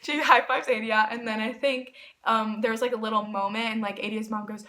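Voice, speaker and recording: A young woman telling a personal story in a vlog, excited and rambling, full of fillers and quoted dialogue. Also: a little high, brisk. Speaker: vlogger.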